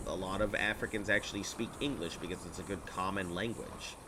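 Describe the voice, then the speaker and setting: A man's voice: low-pitched, a little fast, background noise. A man streaming a video game, chatting in a rambling, jokey way while sick and a bit congested. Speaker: gaming streamer. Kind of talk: casual gameplay commentary.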